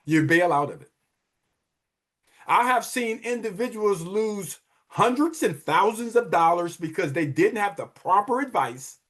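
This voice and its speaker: A man's voice: high-pitched, expressive, measured pace, fairly bright tone. A middle-aged man hosting a wealth podcast, giving emphatic, preachy motivational money talk and repeating phrases for effect. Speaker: wealth advisor and podcast host.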